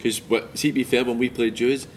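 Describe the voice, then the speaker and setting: A Scottish man hosting a casual chat, asking measured questions. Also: medium pitch, little pitch movement, a little hiss or hum.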